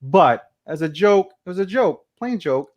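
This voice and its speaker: A man's voice: sits high, animated, measured pace, dull audio, crowd noise. A man in casual livestream chat, brash and joking, swearing freely. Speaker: crypto personality guest.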